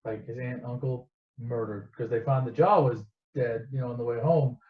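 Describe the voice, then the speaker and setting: A man's voice: mid-range voice, fairly even intonation, moderate pace. A man casually retelling a movie in a rambling, profane and sarcastic way. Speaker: storyteller. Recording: echoey dull lo-fi recording.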